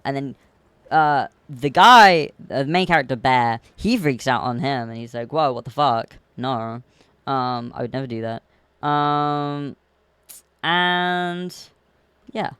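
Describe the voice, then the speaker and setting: A young man streaming, casually retelling a film in a rambling, animated way full of ums. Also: mid-range voice, clean tone, no echo. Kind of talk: casual chat.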